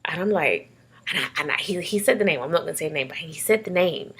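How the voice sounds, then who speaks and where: A young London woman vlogs casually, sharing personal memories and moving between tears and laughter in an emotional account. Her voice is lowish, husky and gravelly yet fairly bright, and she talks fast.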